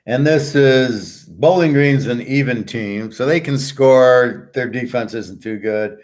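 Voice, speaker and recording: Male betting-show host, mid pitch, casual profane rambler giving picks. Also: takes it slowly, hardly any pauses, a little mellow.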